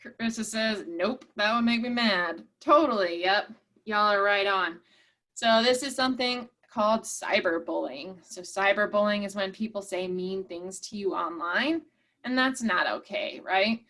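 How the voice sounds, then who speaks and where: A woman's voice: mid-range voice, a little slow, pushed and bright. A woman leading an online workshop, encouraging and reading out participants' chat replies. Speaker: workshop presenter.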